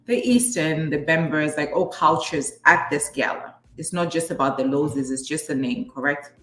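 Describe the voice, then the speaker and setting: A woman's voice: sits low, moderate pace. A woman from Zambia with a Zambian accent, co-hosting a talk show in casual chat and animatedly acting out the exchanges she describes. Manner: animated, acts out quoted exchanges. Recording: echoey room.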